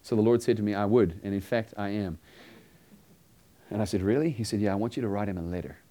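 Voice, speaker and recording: A man preaching a sermon, earnestly telling a story and acting out the dialogue, sometimes dropping to a hushed tone. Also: fairly low pitch, fast talker.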